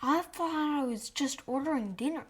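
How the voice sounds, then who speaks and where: Female co-host, high voice, curious and light. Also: moderate pace. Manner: curious, light reactions and quiz questions. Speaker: podcast co-host. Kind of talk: podcast banter.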